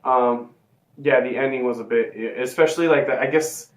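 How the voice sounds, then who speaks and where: Animated, hesitant man in an echoey room. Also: mid-range voice, normal speed. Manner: animated, hesitant, many fillers, swearing. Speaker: co-host reviewer. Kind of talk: casual film review chat.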